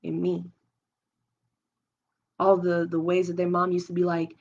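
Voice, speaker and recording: A woman's voice: on the low side, little pitch movement, normal speed, pauses often. Woman venting candidly on a lo-fi stream. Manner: open, emotional, talks things through aloud with restarts. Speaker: livestream host. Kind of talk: candid personal talk on a live stream. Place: at home. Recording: dull lo-fi stream audio.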